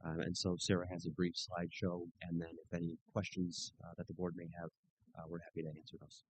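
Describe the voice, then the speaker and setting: Male staff member, very deep voice, polite formal introduction. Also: monotone, fast talker, slightly rough, low-quality recording. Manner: polite, self-correcting, with fillers. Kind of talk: introducing a presenter at a meeting.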